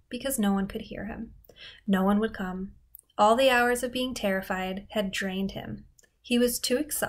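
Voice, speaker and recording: Woman reader, mid pitch, expressive steady narration of a novel. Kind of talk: reading a novel aloud.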